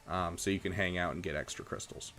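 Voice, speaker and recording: Laid-back young male streamer, lowish voice. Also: fast talker. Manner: relaxed, chatty, many fillers, gives advice. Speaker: streamer reviewing viewers' game rosters. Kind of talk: casual live-stream chat.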